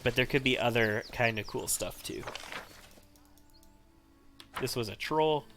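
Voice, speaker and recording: Man, let's-play commentary, chatty, thinking aloud, bright tone, soft music underneath. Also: medium pitch, unhurried. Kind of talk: casual gameplay commentary.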